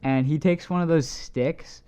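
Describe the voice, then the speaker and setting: A man's voice: on the high side, unhurried, warm tone, smooth, lo-fi sound. A young man, a podcast co-host, telling a long story in casual chat, full of "like" and the odd swear. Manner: rambling, many "like"s, swears casually.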